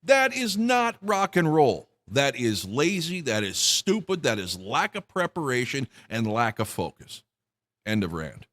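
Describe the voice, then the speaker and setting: A man's voice: mid-range voice, sing-song, measured pace, fairly bright tone. A man hosting a rock music news show, ranting with heavy swearing and mocking quotes. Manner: profane, heated ranting with mocking put-on quotes. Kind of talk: ranting commentary.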